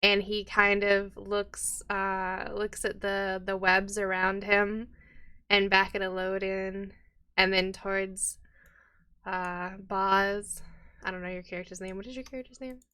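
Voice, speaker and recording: Slow, bright-voiced woman game master. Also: mid-range voice, smooth. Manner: relaxed, laughs often, many fillers. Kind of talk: narrating a tabletop game.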